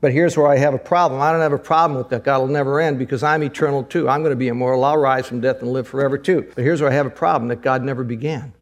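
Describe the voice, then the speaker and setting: A middle-aged man preaching a sermon, emphatic, repeating phrases and rising to high excited peaks. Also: fast talker, few pauses. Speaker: pastor.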